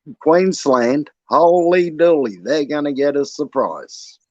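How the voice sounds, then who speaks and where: A man's voice: a little high, lively intonation, takes it slowly, dry recording. An Australian man hosting a casual livestream chat, slangy and conspiratorial in how he talks. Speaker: stream host. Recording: dull lo-fi audio.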